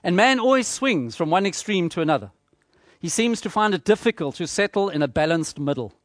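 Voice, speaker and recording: A man preaching a sermon, measured and emphatic, repeating phrases for rhetorical effect. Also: sits high, big pitch swings, no room sound, studio quality.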